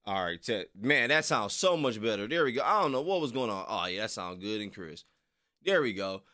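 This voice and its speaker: A man's voice: on the low side, big pitch swings, a little fast, sharp tone. A man hosting a live stream in casual chat, laid-back and slangy, reading viewers' messages aloud.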